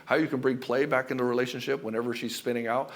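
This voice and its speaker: A middle-aged man giving relationship advice as a coach, talking forcefully and emphatically and swearing freely. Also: medium pitch, steady tone, rapid-fire. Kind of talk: direct-to-camera advice monologue.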